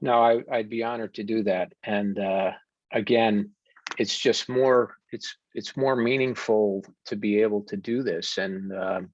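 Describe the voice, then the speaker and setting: A man's voice: on the low side, fairly even intonation, no echo. Earnest American man, dull dry audio. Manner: warm, deliberate storytelling with frequent fillers. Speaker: wellness coach and podcast guest. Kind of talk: earnest conversational interview.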